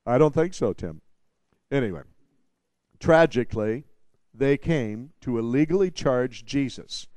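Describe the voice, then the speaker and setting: A man preaching an expository sermon, animated and repeating phrases for emphasis, with wry humorous asides to the congregation. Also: medium pitch, measured pace, long pauses, no echo. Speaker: pastor.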